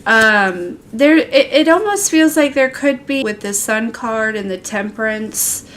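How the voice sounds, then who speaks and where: A woman's voice: on the high side, lively intonation, unhurried, fairly bright tone, a little hiss or hum. A woman casually giving a tarot reading on a livestream, chatty and laughing often, with lots of fillers. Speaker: tarot reader.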